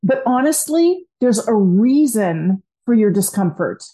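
A woman's voice: sing-song, measured pace, mellow. A woman hosting a motivational self-help talk, speaking straight to the listener with upbeat enthusiasm and acting out quoted inner thoughts. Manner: acts out quoted inner voices with big pitch jumps. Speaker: podcast host and coach.

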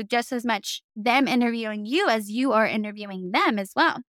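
A woman's voice: fairly high pitch, a bit bright, no echo, clean studio sound. A young woman from the American South, coaching in a chatty, upbeat way and often saying "like". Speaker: business coach. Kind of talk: casual teaching to camera.

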